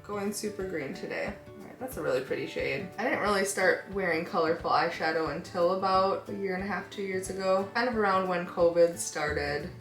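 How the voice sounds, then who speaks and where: A woman with a fairly low voice chats through her makeup routine, musing aloud and hedging as she goes. She talks in an echoey room, with faint music playing behind her. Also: brisk, few pauses, a bit bright. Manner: chatty, thinks aloud while working, hedging with "like" and "I don't know". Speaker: beauty vlogger. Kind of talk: casual makeup tutorial chat.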